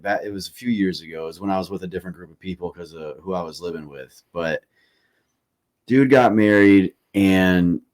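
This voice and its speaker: A man's voice: deep voice, a little mellow. A man telling stories in a loose, profane podcast chat, full of fillers. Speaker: podcast host. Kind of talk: casual chat.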